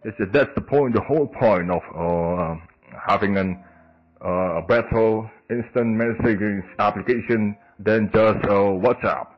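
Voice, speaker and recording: Halting man in a lo-fi podcast. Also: on the low side. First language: Indonesian. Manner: halting, many fillers and restarts. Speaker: podcast host. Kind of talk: casual solo podcast.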